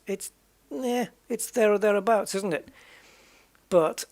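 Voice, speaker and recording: A man's voice: high voice, unhurried, long pauses, darkish tone. Rambling man musing over a racing game. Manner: rambling, musing and self-correcting. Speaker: gaming channel host. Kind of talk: casual commentary while playing a racing game.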